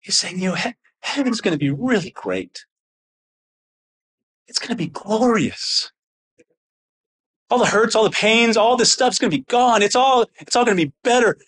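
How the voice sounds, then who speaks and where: High-voiced fervent male preacher. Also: moderate pace, long pauses, husky. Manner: fervent, excited preaching that sounds almost angry. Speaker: pastor. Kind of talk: sermon.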